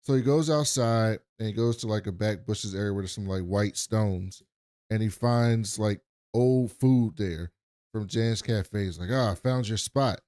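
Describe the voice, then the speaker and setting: A man's voice: fairly low pitch, measured pace, warm tone, dry recording, clean studio sound. A man co-hosting a podcast, rambling through a story recap with lots of fillers and voices for the characters. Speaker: podcast co-host. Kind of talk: casual recap chat.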